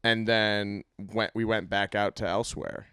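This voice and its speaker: Man, podcast co-host, casual chat, wry, smooth, dry sound. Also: on the low side, little pitch movement, unhurried, pushed and bright, no echo.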